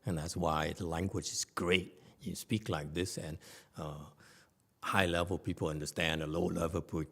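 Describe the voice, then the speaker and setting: A man's voice: low voice, vocal fry. A man giving a conversational Buddhist sutra lecture, often stopping to question his audience. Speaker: Buddhist teacher.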